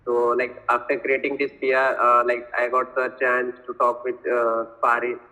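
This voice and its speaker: A man's voice: medium pitch, monotone, normal speed, sharp tone, rough recording. A man, talking casually on a video call as an interview guest, hesitant and full of fillers. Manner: hesitant, many fillers and restarts. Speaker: interview guest, software developer.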